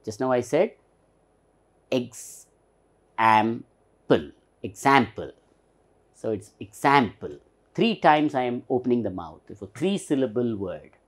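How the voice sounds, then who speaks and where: A man's voice: mid-range voice, big pitch swings, normal speed, husky. A man teaching a pronunciation lesson, patiently spelling out and repeating words. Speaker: English teacher.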